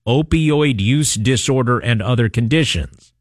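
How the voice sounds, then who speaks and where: A man's voice: medium pitch, animated, measured pace, dry recording, studio quality. A man hosting a talk radio show, reading a news story and taking texts with wry, chatty asides. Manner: conversational, wry asides, frequent uh fillers. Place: radio studio. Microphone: studio microphone.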